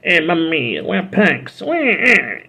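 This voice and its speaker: A man voicing a rowdy teen punk in a mock Italian accent, Waluigi-style, with goofy, drawn-out exclamations. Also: on the high side, sing-song, creaky, pushed and bright, husky, voice pushed up, heavily acted.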